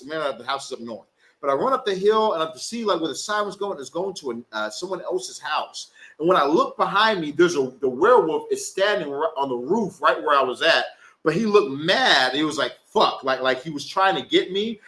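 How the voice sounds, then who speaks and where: A young man reads tarot for his viewers over a live phone stream. His voice sits a bit high, bright and sharp, and it leaps around with lively swings. He talks in a loose, rambling way full of fillers and curse words. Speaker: tarot reader and spellcaster. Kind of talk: live-stream tarot reading and casual chat.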